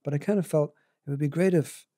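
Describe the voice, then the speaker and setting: An older man with a Northern Irish accent recounts stories in a modest, unhurried way, chuckling now and then. His voice is warm and mellow, and the recording is dry and close with no room sound around it. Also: on the high side, dry recording. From Northern Ireland. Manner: modest, chuckling, rambling anecdotes with restarts. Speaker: guitar maker, podcast guest. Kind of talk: casual storytelling interview.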